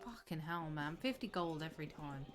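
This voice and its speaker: A woman streaming a game live, chatting away excitably and swearing now and then. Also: low-pitched, normal speed, over loud music. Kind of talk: live gameplay commentary.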